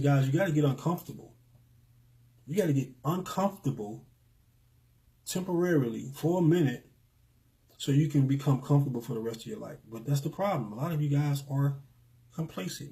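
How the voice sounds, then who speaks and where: A man's voice: medium pitch, warm tone, rough recording. A middle-aged man, hosting a motivational live stream in an emphatic, preachy way and repeating lines for effect.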